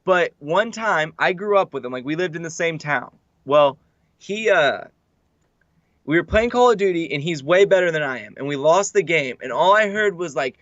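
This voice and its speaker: Young man, high voice, podcast co-host, chatty storyteller, filler-heavy, dry dull lo-fi mic. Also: animated, normal speed, a bit bright, no room sound. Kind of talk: casual podcast chat.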